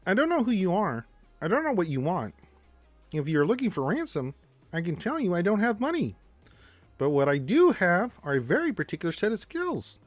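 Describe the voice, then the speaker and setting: A man voicing a nasal, high-pitched frog puppet as a comic impression on a live stream, with a strained falsetto tone. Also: wildly swooping pitch, normal speed, no room sound, soft background music. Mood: menacing.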